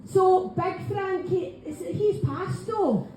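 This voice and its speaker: A woman's voice: extremely high pitch, slow pace, a little mellow, faint music behind. Scottish lady medium doing readings, chatty, calls folk darling, really echoey room. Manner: chatty, keeps saying "right, okay", calls people darling. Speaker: spiritual medium. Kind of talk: live mediumship demonstration to an audience. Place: function room of a local pub. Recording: very echoey room, faint background noise.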